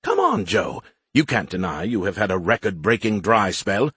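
A man's voice: on the low side, very animated, normal speed, fairly bright tone, husky, no room sound, voice pushed down, exaggerated voice. A man voicing a perky, smug male AI in a beer can, teasing and snarky, for an audiobook. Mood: mocking. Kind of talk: audiobook character voice.

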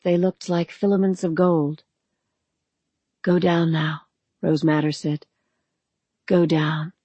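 An audiobook narrator giving a measured, dramatic reading of a novel, recorded close. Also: mid-range voice, no room sound.

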